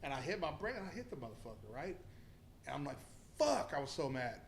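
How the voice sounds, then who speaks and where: A man's voice: mid-range voice, sing-song, fast talker, a little hiss or hum. A man telling a rambling, profane story in casual podcast chat. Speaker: podcast guest.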